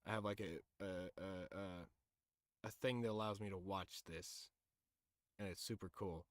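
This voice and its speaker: Low-voiced man chatting loosely on stream. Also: fairly even intonation, measured pace, no echo. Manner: loose, profane, rambling with many fillers. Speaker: streamer and musician. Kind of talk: casual livestream chat.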